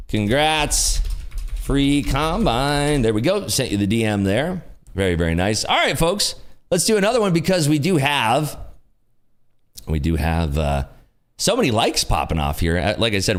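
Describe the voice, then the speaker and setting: A man hosts a relaxed livestream from his garage, joking around and laughing as he repeats his catchphrases. His voice sits at an ordinary pitch but swings up and down a lot. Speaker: livestream host. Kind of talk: casual livestream chat. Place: home garage.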